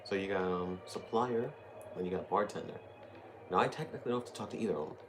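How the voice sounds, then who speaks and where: This low-voiced young man talks fast as he streams a video game, tossing out jokes and rambling thoughts while the noisy game sound runs underneath.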